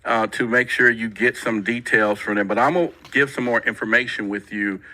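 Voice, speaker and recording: Chatty us guy hosting his show, really bright voice, keeps talking right at the viewers. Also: medium pitch, steady tone, fairly quick, poor audio. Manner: chatty, repetitive, addresses audience directly. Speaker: show host. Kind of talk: casual talk show monologue.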